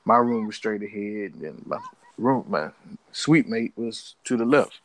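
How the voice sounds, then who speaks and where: A man's voice: on the low side, lively intonation, measured pace. A young man, a podcast co-host, telling a story in casual slang and acting out his own reactions.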